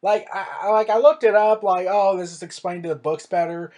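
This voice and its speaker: A reviewer in a casual monologue, rambling with fillers and restarts and firing off exasperated rhetorical questions, their pitch jumping up on emphasis. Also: steady tone, fairly quick, a little mellow. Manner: pitch swings up sharply on emphasis. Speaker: show reviewer.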